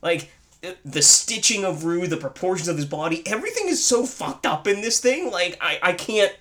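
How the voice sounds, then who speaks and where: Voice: medium pitch, expressive, normal speed, bright, forceful tone. A podcast co-host sarcastically riffing through a film review in casual chat.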